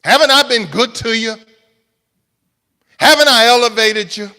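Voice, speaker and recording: A man's voice: high-pitched, expressive, moderate pace, bright, forceful tone, long reverb tail, voice pushed up. A man voicing a proud, angry ancient king who demands to know why he is being defied. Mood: indignant. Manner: indignant, demanding, self-pitying questions.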